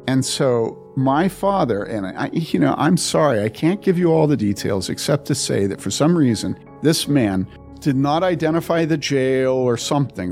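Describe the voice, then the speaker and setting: Gravelly-voiced man telling a personal story. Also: medium pitch, darkish tone. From Chicago area, USA. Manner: earnest, emphatic, repeats phrases for stress. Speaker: pastor and podcast host.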